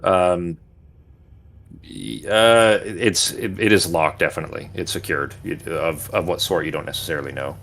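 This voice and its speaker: A man running a tabletop game as game master, describing scenes with frequent pauses and restarts. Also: low voice, vocal fry, fairly bright tone. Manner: hesitant, restarts often while describing.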